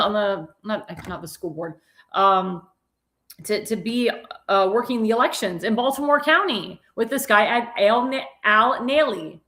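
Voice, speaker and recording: Talk host, woman, tired, emphatic political monologue, many fillers and restarts, fairly high voice. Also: a bit bright. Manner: emphatic, repeats words, frequent fillers and restarts.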